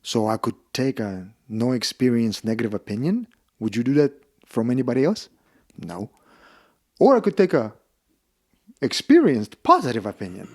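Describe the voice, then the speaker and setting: A man with a Russian accent tells stories as a podcast guest, acting out each quoted line. His pitch sits in the middle but swings widely. He talks in a casual, chatty way. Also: moderate pace, pauses often. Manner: animated, acts out dialogue in quoted voices. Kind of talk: casual storytelling interview.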